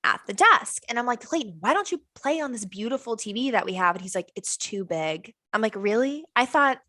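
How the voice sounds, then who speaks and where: A young woman co-hosting a chatty podcast. Her voice is bright and a little high, and she tells a story with lots of energy, acting out each person's lines. The sound is close and dry. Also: quick pace, no echo. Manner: animated storytelling, acts out quoted dialogue. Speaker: podcast co-host. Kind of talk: casual chat.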